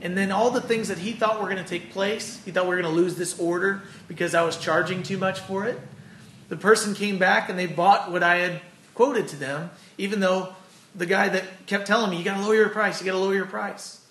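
A man's voice: high-pitched, brisk, fairly bright tone, a little hiss or hum. A man preaching an earnest, conversational sermon with personal stories, then closing in prayer. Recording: echoey room.

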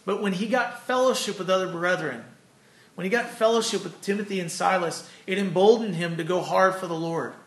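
A man's voice: sits high, brisk. A man preaching an earnest, conversational sermon with personal stories, then closing in prayer. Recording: echoey room.

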